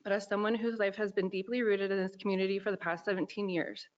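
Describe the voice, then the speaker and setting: A woman's voice: medium pitch, flat delivery, fast talker. A young woman earnestly reading a heartfelt prepared public comment at a county meeting. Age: young adult. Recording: dull lo-fi meeting audio.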